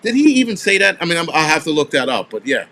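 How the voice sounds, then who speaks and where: A man's voice: on the high side, big pitch swings, fast talker, pushed and bright, a little hiss or hum. A man in his forties hosting a casual live stream, rambling and swearing as he answers viewers. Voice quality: profane, rambling. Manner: answers viewer comments offhand.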